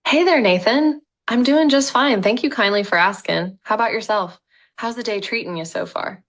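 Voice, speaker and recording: A woman's voice: a little high, moderate pace, fairly bright tone. A synthetic woman's voice of an AI assistant speaking with a Southern US accent, folksy, cheerful and chatty. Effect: text-to-speech voice.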